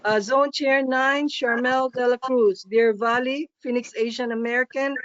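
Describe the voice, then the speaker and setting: A woman briskly reading through a list of names and places on a video call. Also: on the high side, steady tone, fairly bright tone, no echo. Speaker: club officer reading a list. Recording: muffled, dry video call audio.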